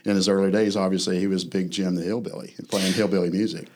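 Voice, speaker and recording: Low-voiced man telling family stories. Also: fast talker. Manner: relaxed storytelling, laughs easily. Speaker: guest, son of the radio host. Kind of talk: casual conversation.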